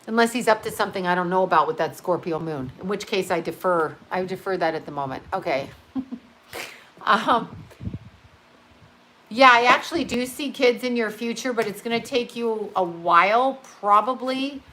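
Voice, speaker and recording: A tired middle-aged woman rambles through an astrology reading, laughing and swearing as she goes. Her voice is bright, and there is faint noise behind it. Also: medium pitch, animated, normal speed, rough recording. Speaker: psychic astrology reader. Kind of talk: casual livestream tarot and astrology reading.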